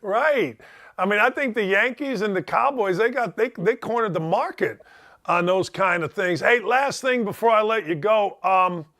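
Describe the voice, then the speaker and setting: A man's voice: high-pitched, normal speed, a bit bright. A man hosting a sports talk show, asking questions in a blunt, casual way. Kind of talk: casual interview chat.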